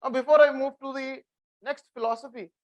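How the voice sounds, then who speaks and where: Indian teacher lecturing and dictating. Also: male voice, very high-pitched, fairly even intonation, fairly quick, highs cut off. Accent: Indian English. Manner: repeats key phrases for dictation, quizzes the class. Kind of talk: classroom lecture.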